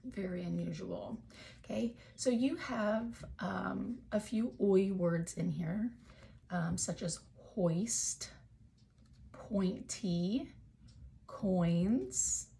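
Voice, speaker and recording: A woman's voice: fairly low pitch, unhurried, vocal fry, mellow, a little hiss or hum. A woman teaching a phonics lesson to young children from home, talking in a patient, encouraging way.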